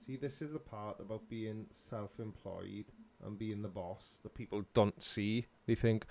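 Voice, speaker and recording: A man's voice: on the low side, moderate pace, hardly any pauses, a little mellow, dry recording. A middle-aged man, casually answering viewers' questions on a live stream in a dry, sarcastic way. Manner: dry, sarcastic, self-mocking.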